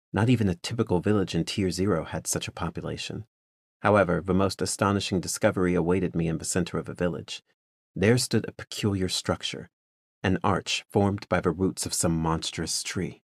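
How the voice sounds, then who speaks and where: Male narrator, very low register, measured first-person storytelling, dry sound. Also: no echo. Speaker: audiobook narrator.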